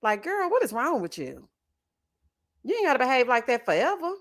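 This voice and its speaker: Her high-pitched voice is sing-song and brisk as this middle-aged reality TV commentator reads viewer comments. She's dramatic and sassy, laughing often and calling viewers honey and child.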